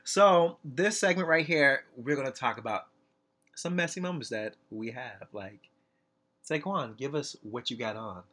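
A man hosting a casual podcast chat, candid and quick to laugh. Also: medium pitch. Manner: laughs often, animated and candid. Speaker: podcast host.

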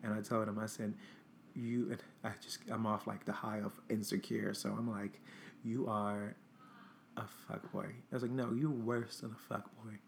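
Young guy spilling tea, kinda low voice, swears a lot, faint hiss behind him. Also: flat delivery, normal speed, creaky. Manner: chatty, blunt and profane, acting out texts. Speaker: host. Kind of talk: casual storytime monologue.

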